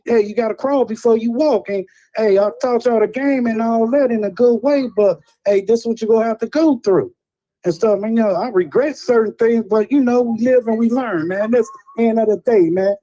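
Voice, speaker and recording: Middle-aged man, dark mellow voice, blunt preachy storyteller on a casual talk show. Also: very high-pitched, fairly quick, rough recording.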